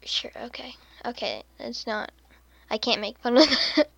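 A woman hosts a casual podcast in a slightly high, unhurried voice, dryly recorded close to the mic. She mocks what she reads with sarcastic asides, frequent laughs and soft muttered comments. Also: animated, creaky, no room sound. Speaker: podcast host.

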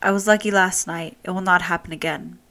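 A frightened young miller's daughter from a fairy-tale storybook, pleading and worried. She speaks in a lowish, plain tone, as a woman reads her lines. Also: brisk, a bit bright. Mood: anxious. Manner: pleading, anxious.

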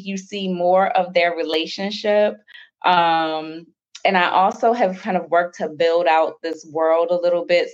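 A woman author answering interview questions about her children's book in an earnest, thoughtful way. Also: fairly low pitch. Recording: dull lo-fi line.

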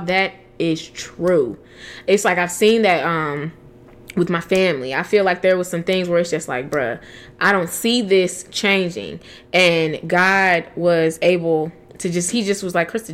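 A woman's voice: lowish voice, slight background noise. Earnest young woman talking about faith. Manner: earnest, animated, many restarts, slangy. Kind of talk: casual faith talk.

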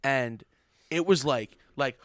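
A young man in casual chat, rambling and halting with many fillers. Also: mid-range voice, no echo, studio quality.

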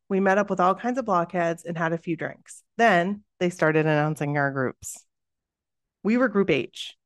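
A woman podcast host reading a listener's story aloud in a lively, expressive way. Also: fairly low pitch, no room sound, clean studio sound.

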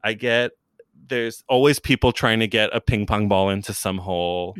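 A man's voice: on the low side, moderate pace, clear, resonant tone, dry recording. A young man from New York, a comedic video creator, chatting as a guest in an interview, full of fillers and laughter. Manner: chatty and animated, many "like" fillers and restarts, laughs often. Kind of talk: casual interview chat.

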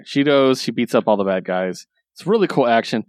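A man's voice: mid-range voice, animated, moderate pace, dry recording. A man hosting a casual talk, recapping stories with enthusiasm and plenty of ums and likes. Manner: enthusiastic, lots of fillers. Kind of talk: casual chat.

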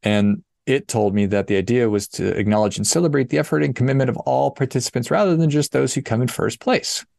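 A middle-aged man hosting a podcast, telling a story in a casual, animated and exasperated way. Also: mid-range voice, a little fast, gravelly, few pauses, no room sound. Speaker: podcast host.

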